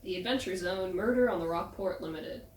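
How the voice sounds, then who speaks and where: A woman's voice: lowish voice, brisk. Woman reading out titles one after another, set back from the mic in a roomy space. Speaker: title announcer. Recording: echoey and distant from mic.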